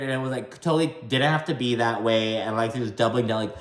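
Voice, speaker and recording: A man's voice: little pitch movement, fairly quick, few pauses, reverberant. Gossipy man recapping reality TV. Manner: gossipy, swears, mimics cast members in high voices. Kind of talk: casual commentary recap.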